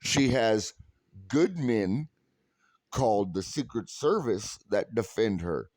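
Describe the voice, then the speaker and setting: A man from California with a low voice rants through a story, heated and sarcastic and swearing at every turn. The sound is close and dry, with no room around it. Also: expressive, slow pace, a little mellow, no echo. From California, USA. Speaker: vlogger. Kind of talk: profane storytelling rant.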